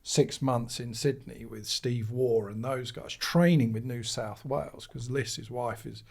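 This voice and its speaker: A middle-aged English man telling rambling, animated anecdotes in a casual chat as a guest. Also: medium pitch, measured pace, creaky. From England. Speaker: guest, cricket managing director.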